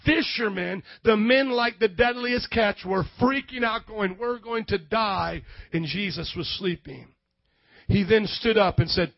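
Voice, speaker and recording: A man preaching a lively sermon in a church, shifting between loud shouts and quiet passages. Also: high voice, normal speed, no room sound, highs cut off. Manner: energetic, swings from shouting to hushed. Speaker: pastor.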